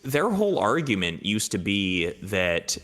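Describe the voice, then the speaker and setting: A man's voice: lowish voice, sing-song, a little slow, fairly bright tone. A young man co-hosting a podcast, chatting casually and rambling with lots of fillers. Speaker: podcast co-host. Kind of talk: casual chat.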